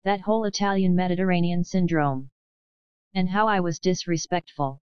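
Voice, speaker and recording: A woman narrating a novel as an audiobook in an even, measured first-person reading. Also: on the low side, smooth, dry recording, muffled recording.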